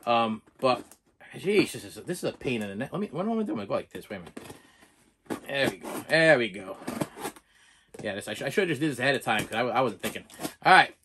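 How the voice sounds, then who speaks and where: A man's voice: mid-range voice, sing-song, a little fast, long pauses, background noise. A middle-aged man rambling and joking through a casual unboxing chat, repeating himself as he goes. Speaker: movie collector vlogger.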